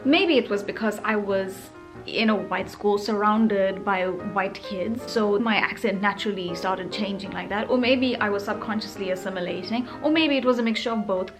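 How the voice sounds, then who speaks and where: A South African vlogger in her thirties chats expressively and teasingly to camera in a casual vlog, speaking South African Indian English with a British tinge. Her mid-range voice moves at normal speed over music.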